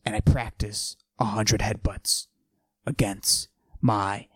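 A man playing a boastful macho character, pushing his voice low and husky and often dropping to a whisper while he brags deadpan. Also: takes it slowly, no echo. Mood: swaggering. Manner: boastful, deadpan absurd bragging. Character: cocky macho man with a forced deep voice. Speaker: podcast host. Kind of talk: comic character monologue.

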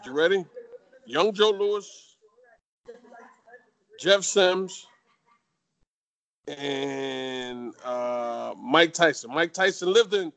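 An older man from New York, a retired boxer guest, telling lively stories with many fillers. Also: a little high. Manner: animated anecdotal talk with fillers. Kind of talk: casual interview storytelling.

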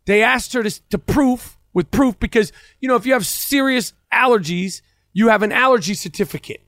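Man, very high voice, dry close sound, heated profane rant, incredulous. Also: normal speed, a bit bright, dry recording. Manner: heated, crude, incredulous ranting. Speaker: host.

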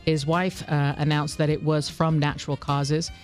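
A woman reading entertainment news on a morning radio show, chatty and quick to laugh. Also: low voice, little pitch movement, faint music behind. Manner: chatty, laughs through stories. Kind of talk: casual radio news segment.

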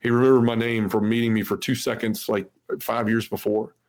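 Flat-voiced man telling his story. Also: fairly low pitch, brisk. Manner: earnest, heavy use of "you know"; acts out quoted dialogue. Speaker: podcast guest. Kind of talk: personal testimony storytelling.

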